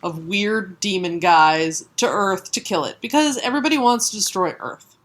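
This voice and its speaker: A woman's voice: medium pitch, animated, moderate pace. A woman co-hosting a casual comic book podcast, retelling the plot with laughs and silly put-on voices. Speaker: podcast co-host.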